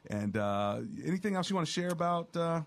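A man's voice: a little high, big pitch swings, fairly quick, dry recording. A man hosting a Christian radio talk show, affirming his guest and callers with frequent interjections.

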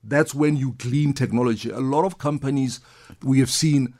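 A man's voice: medium pitch, normal speed, a little mellow. A man, a guest expert explaining things enthusiastically in a conversational interview. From South Africa.

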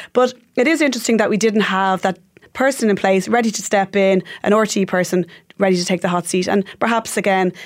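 A woman, a journalist guest on a podcast, explaining industry matters in a measured way. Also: lowish voice. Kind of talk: analytical podcast commentary.

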